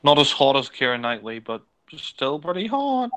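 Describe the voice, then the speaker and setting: Male fan commentator, bright and crisp, casual and rambling. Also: mid-range voice, sing-song, normal speed, poor audio. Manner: rambling, chatty, lots of fillers. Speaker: film commentator.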